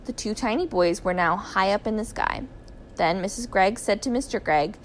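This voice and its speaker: A woman narrating a children's story in a clear, even, expressive reading voice. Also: medium pitch, normal speed, slight background noise. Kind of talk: children's story read aloud.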